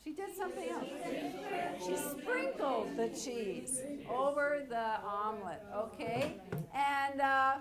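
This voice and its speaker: Slow, clear ESL teacher woman. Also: sits high, lively intonation, over a noisy crowd. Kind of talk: classroom teaching. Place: classroom.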